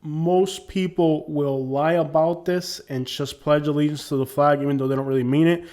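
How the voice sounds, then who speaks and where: Man, born in Cuba, emphatic commentary, a bit high-pitched, preachy, talks straight to his viewers. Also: fairly even intonation, normal speed, darkish tone. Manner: emphatic, preachy, reads a letter aloud in a formal tone. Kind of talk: casual commentary to camera.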